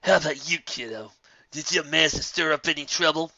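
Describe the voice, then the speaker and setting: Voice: medium pitch, fairly quick, gravelly, bright, forceful tone, dry recording, highs cut off, voice pushed up. A reader voicing a cocky older unicorn colt, dismissive and sarcastic.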